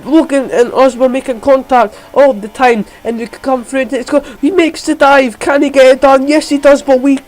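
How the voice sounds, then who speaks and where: A man delivers excited, rapid play-by-play commentary on his own racing game, his pitch jumping up at the big moments. The audio is poor.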